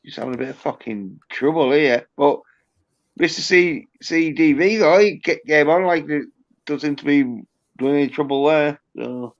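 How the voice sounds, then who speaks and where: A man's voice: on the high side, normal speed, highs cut off. A British man in a casual online chat, teasing and swearing freely. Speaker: livestream guest.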